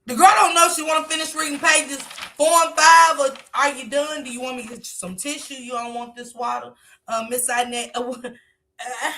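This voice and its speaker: A woman streaming casual commentary, with a bright, forceful voice that sits fairly high. She is animated and keeps talking back at what she watches. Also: normal speed. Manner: animated, talks back at the footage, laughs. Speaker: livestream commentator.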